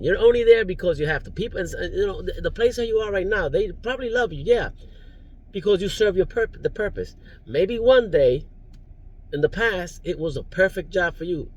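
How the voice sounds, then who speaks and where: A man's voice: a little high, muffled recording. A man giving rambling, preachy life advice in a casual vlog, recorded in his parked car, chuckling now and then. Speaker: vlogger, driver.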